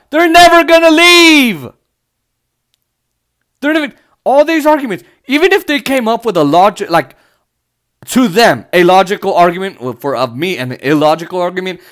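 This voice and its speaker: High-voiced man ranting about politics. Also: expressive, moderate pace, a bit bright. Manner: heated, sarcastic, swears often. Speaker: political commentator.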